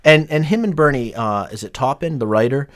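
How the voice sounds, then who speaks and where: A man's voice: medium pitch, lively intonation, fairly quick. Joking, enthusiastic man in casual chat. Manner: enthusiastic, joking, does silly voices. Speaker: podcast co-host. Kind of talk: casual chat about music.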